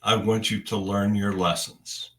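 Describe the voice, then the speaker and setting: A man delivering a spiritual message in the first person, in deliberate, halting phrases with long pauses. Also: on the low side, little pitch movement, fairly bright tone, far from the mic.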